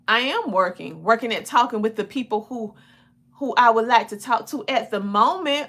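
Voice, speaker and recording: A woman's voice: a little high, lively intonation, moderate pace, a bit bright. A woman with a Southern US country twang, chatting folksily about homeschooling on a talk show. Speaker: homeschooling parent guest. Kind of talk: casual talk show chat.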